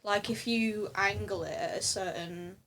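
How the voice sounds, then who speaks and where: A woman's voice: medium pitch, fairly even intonation, a little slow, a bit bright. A woman player chatting playfully during a tabletop game, often laughing.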